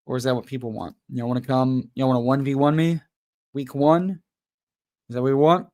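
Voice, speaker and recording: A young adult man talks live to his viewers as host of a fantasy sports stream. His delivery runs from exasperated, swear-laden ranting to loose, chatty banter with the audience. His voice sits at an ordinary middle pitch. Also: fairly even intonation, a little fast, a little mellow. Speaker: fantasy football livestream host. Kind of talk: casual livestream chat and rant.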